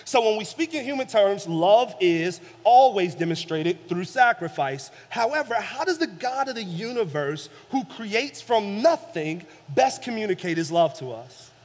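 A man preaching a sermon as pastor, building emphasis through repeated phrases, with swings from soft low passages to loud peaks. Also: animated, measured pace, hardly any pauses. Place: church sanctuary. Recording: long church reverb.

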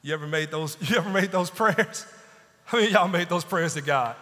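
A man's voice: high-pitched, a little fast, sharp tone. A man preaching a sermon as pastor, building in intensity and dropping into pleading asides. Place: church sanctuary. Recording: long church reverb.

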